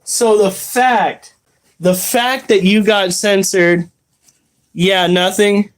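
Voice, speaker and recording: Casual profane streamer, slow drawn-out delivery, rambles and reacts to chat. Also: mid-range voice, steady tone. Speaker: livestreamer reading chat.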